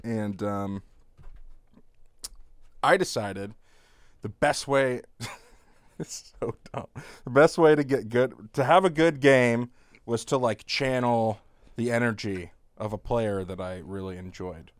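A man in his thirties chatting casually as a podcast co-host, an animated storyteller who laughs often. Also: mid-range voice, slow, pauses often, no echo. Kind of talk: casual chat.

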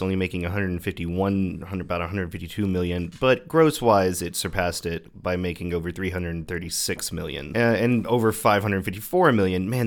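A man co-hosting a casual film podcast, talking in an earnest, self-aware way. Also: deep voice. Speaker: podcast co-host. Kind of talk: casual chat.

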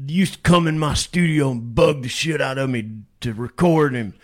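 A man putting on a rough-talking old country studio owner who hollers and cusses. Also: mid-range voice, moderate pace, natural voice. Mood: hollering. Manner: gruff, hollering, cussing.

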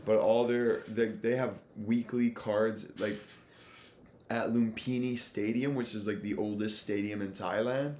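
A podcast co-host chatting casually, excitable and slangy, calling everyone bro. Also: male voice, lowish voice, unhurried. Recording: echoey room with faint noise.

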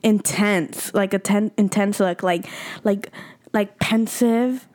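A woman's voice: medium pitch, slow. A young woman hosting a casual podcast, telling a personal story in a rambling way, full of "like" fillers. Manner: rambling, heavy on "like" fillers, animated retelling. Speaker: podcast co-host.

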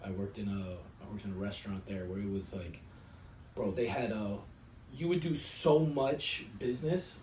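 A man's voice: on the low side, fairly even intonation, normal speed, a little mellow, distant mic. A man chatting loosely on a podcast, trailing off into long, swear-filled anecdotes. He sits back from the mic in a roomy space, with a faint hum of noise behind him. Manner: profane, rambling storyteller. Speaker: podcast co-host. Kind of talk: casual chat.

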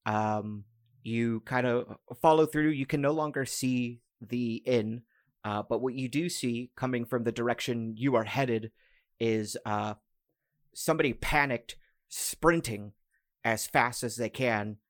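A man's voice: mid-range voice, measured pace, dry recording, studio quality. A man narrating a tabletop game as game master, casual and full of filler words.

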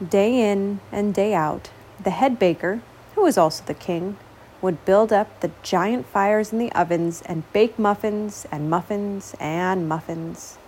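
Brief: gentle storybook narrator, woman, slow and expressive, gently dramatic. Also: mid-range voice, a little hiss or hum. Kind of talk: storybook read-aloud.

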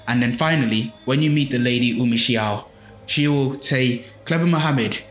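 A man's voice: medium pitch, moderate pace, fairly bright tone. Man retelling a tale in an echoey room. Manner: loose, filler-heavy retelling with frequent restarts. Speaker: podcast storyteller. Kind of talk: casual podcast storytelling. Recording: echoey room with faint music.

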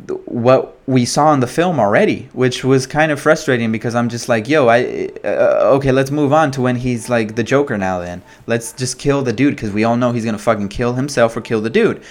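A man hosting a casual solo commentary, talking in an animated way with lots of swearing, fillers and restarts. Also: mid-range voice. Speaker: podcast host.

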